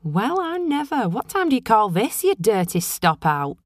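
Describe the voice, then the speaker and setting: A woman's voice: on the high side, sing-song, moderate pace, dry recording, studio quality. A woman voicing an exasperated older female shift manager, scolding a latecomer.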